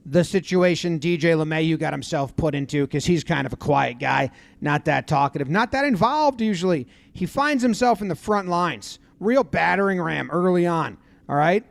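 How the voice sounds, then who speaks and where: A high-pitched man talks through game footage in relaxed commentary. He jumps into loud, animated impressions of the players. The sound is close and dry, with no room echo. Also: creaky. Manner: animated, acts out players' lines in loud voices. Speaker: commentator breaking down a baseball brawl video. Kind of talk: casual play-by-play commentary.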